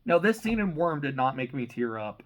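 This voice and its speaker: A young man giving a casual, excitable book reaction, rambling and swearing freely. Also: mid-range voice, moderate pace, rough recording. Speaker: reaction channel host.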